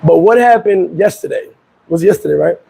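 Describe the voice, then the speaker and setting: Raspy high-voiced man telling a story. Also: brisk, poor audio. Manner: animated storytelling, acts out quoted voices. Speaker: vlog host. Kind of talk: casual commentary. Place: Dominican Republic.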